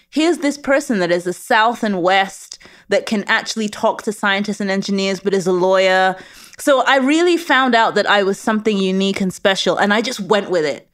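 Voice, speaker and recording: A woman with a British accent, a guest in an interview, speaking in a confident, emphatic, motivational way. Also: medium pitch. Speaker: guest, space lawyer. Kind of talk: interview conversation.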